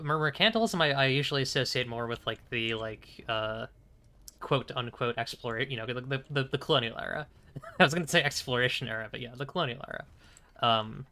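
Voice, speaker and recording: Young guy streaming a game, bright voice, rambles and chuckles a lot. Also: mid-range voice, smooth. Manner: rambling, hesitant, lots of fillers and restarts, chuckling. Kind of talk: casual chat while playing a game.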